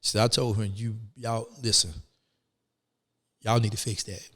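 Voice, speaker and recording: Low-voiced man telling his story. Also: normal speed, long reverb tail. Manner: animated, acts out quoted people. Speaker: interview guest. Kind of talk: storytelling in a casual interview.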